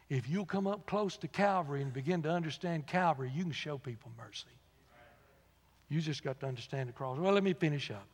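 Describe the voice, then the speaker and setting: Folksy preacher in a reverberant hall. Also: male voice, fairly high pitch. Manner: folksy storytelling, swings from soft asides to loud emphatic peaks. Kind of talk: sermon. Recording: long reverb of a large hall.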